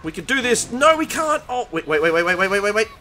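A young man hosting a gaming channel, excitedly commentating his own gameplay, talking to the characters on screen and laughing along. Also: high voice, quick pace. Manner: excitable, yelps and laughs while playing, talks to the game. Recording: game music behind.

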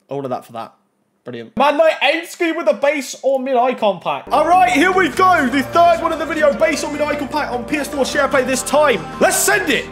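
Over soft background music, a young FIFA pack-opening YouTuber talks through his pulls in a very high-pitched, fairly quick voice. The casual play-by-play rises to excited shouts.

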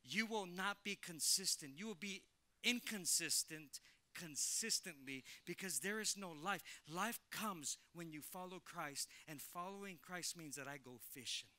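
A man preaching a sermon as pastor in a church, energetic, stammering repeats and acted-out quotes. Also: high voice, a little slow. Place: church sanctuary.

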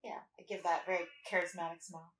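Bright-voiced woman playing a tabletop game. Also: on the low side, little pitch movement, fast. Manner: hesitant, many fillers, laughs often. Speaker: player. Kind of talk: casual tabletop play. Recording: echoey room, distant mic.

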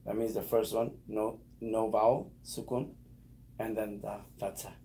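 A man teaching a beginner one-on-one in a casual lesson, patiently repeating words slowly. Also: fairly low pitch, flat delivery, mellow, slight background noise. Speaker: Arabic teacher.

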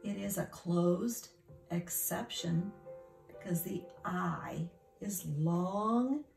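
A woman's voice: on the low side, very slow, vocal fry, darkish tone, faint music behind. A woman teacher giving a phonics lesson to young children, speaking patiently, sounding out the parts of words and sometimes dropping to a whisper.

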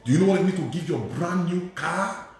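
A priest preaching a sermon, telling a testimony with emphatic repetition and acting out the dialogue. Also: male voice, high-pitched, lively intonation, a little fast, faint music behind. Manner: emphatic, repeats phrases, acts out dialogue. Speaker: Catholic priest. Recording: very echoey hall.

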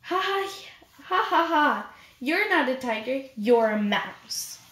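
A woman's voice: fairly high pitch, lively intonation, slow. A woman voicing a teasing storybook animal that mocks a small mouse. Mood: mocking. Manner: scoffing, mocking. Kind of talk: storybook read-aloud. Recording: roomy echo.

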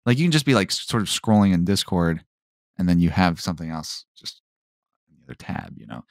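Male podcast host, low voice, dry close sound, rambling, sarcastic-sounding delivery. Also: expressive, brisk, no room sound. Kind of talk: rambling solo podcast talk.

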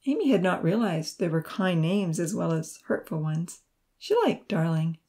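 A woman narrating a Christian children's storybook aloud in a steady, expressive reading. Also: lowish voice, normal speed. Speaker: audiobook reader.

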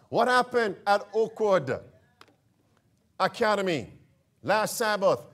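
A male preacher delivers a sermon with a high voice and a slow, deliberate pace. He keeps asking his listeners questions and answering them himself, and he calls them friends as he presses each point. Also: big pitch swings, fairly bright tone. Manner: emphatic call-and-response questions.

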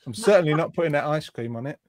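Give me a jokey, rambling male show host with a fairly high voice. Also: animated, very fast, a loud crowd. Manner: chatty and jokey, rambling asides. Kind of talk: casual chat.

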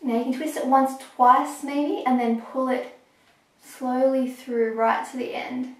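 A young woman talking through a hair tutorial step by step, a little hoarse as she is losing her voice. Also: sits high, steady tone, far from the mic. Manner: chatty, explaining step by step with pauses. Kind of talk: casual how-to talk while working. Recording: echoey room, voice off-mic.

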